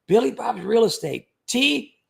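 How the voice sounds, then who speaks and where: A man's voice: very high voice, animated, measured pace, gravelly, slightly rough. A man hosting a casual livestream, rambling and joking as he reads out viewer comments and thanks people by name.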